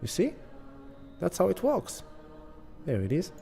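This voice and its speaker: A man's voice: high-pitched, huge pitch swings, measured pace, vocal fry, mellow, soft background music. A man hosting an astrology channel, explaining an astrology chart in a casual, emphatic way and repeating words for effect.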